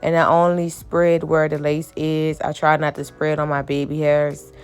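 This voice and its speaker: A young woman vlogging casually to camera, chatty and relaxed, still in her groggy morning voice. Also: sits low, normal speed, clear, resonant tone, faint music behind. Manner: chatty, relaxed, addresses viewers as y'all.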